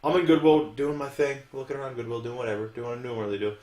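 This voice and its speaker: A man's voice: medium pitch, very fast. Een man met een die vloekend en levendig verhalen vertelt, gemiddelde toonhoogte, galmende kamer. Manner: profane, animated storyteller. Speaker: podcast co-host. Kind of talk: casual chat. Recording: roomy echoey room.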